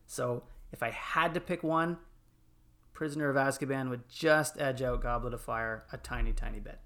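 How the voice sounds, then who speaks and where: A man in casual podcast chat, telling film moments with lots of fillers and animated retellings. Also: medium pitch, moderate pace. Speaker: podcast panelist.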